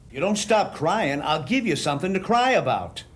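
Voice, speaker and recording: Woman doing a stern parent, gruff scolding, lowered voice. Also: very animated, normal speed.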